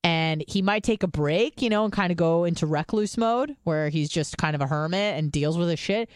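A woman's voice: lowish voice, normal speed, dry recording, clean studio sound. A woman co-hosting a casual chat show, telling a long story in a profane, rambling way with many restarts. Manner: profane, rambling, self-interrupting. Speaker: co-host.

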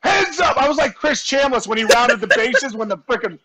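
A man being interviewed, telling a story with animated energy, shouting out the punchlines, acting out other people's voices, and laughing often. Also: very high voice, a little fast, a crowd in the background, rough recording. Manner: lively, acts out quoted voices and shouts punchlines; laughs often, warm and effusive. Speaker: guest, former baseball player. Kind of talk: animated storytelling in casual chat.

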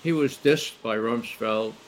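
A man's voice: mid-range voice, a little slow, a little hiss or hum. A man speaking as a guest on a remote roundtable, earnest and indignant, quoting officials to back his argument. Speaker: former intelligence analyst guest. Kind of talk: roundtable discussion.

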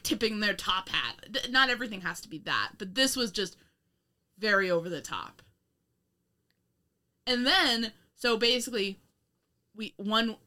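A woman's voice: medium pitch, sharp tone. A young woman co-hosting a casual film review chat, rambling, laughing often and swearing with sarcastic asides. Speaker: podcast co-host.

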